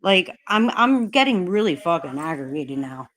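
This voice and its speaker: A woman's voice: on the low side, big pitch swings, moderate pace, fairly bright tone. A woman hosting a livestream chat, ranting heatedly and swearing a lot. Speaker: livestream host.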